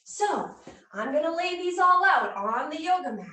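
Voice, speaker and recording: A woman's voice: very high-pitched, expressive, moderate pace, bright, forceful tone. A woman leading a guided children's yoga class, speaking in a playful, coaxing way and making animal sounds. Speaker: kids yoga instructor. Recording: echoey room, mic far off.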